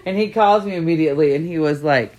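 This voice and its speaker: A woman telling a frank, profane story in casual chat, quoting others in animated voices and laughing often. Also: low voice, fast.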